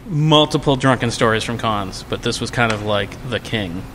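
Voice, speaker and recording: A man co-hosting a podcast, telling a drinking story in a casual, animated, profane way. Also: lowish voice, normal speed, big-room sound, slight background noise. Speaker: podcast co-host.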